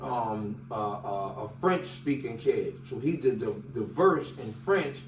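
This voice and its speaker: A man's voice: mid-range voice, expressive, slow, echoey room, far from the mic, noisy background. A man from Staten Island with a New York accent, telling loose, slangy stories as a rapper guest in an interview and acting out the dialogue. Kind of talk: casual interview storytelling.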